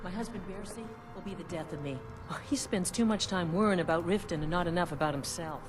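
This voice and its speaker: A woman's voice: on the low side, fast, noisy background, close to an everyday voice. An actress playing a worried townswoman in a video game, who talks in an anxious, weary way about her husband. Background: loud game music.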